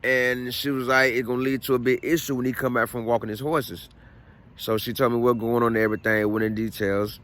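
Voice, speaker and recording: A man's voice: medium pitch, little pitch movement, brisk, fairly bright tone. Chatty man telling a family story. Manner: conversational, repeats phrases, frequent "you know what I mean". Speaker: vlogger. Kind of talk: casual storytelling vlog.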